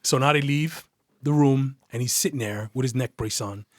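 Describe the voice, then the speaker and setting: A man, a retired detective as a podcast guest, telling a story in a casual, profane, animated way. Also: mid-range voice, normal speed, no room sound, clean studio sound. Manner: profane, animated, acts out quoted voices.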